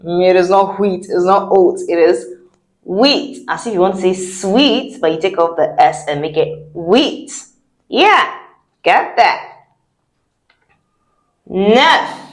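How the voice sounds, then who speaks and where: A woman's voice: on the low side, a little slow. A woman teaching French pronunciation, repeating each word several times and encouraging the learners. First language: a language other than French. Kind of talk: pronunciation lesson, drilling words slowly.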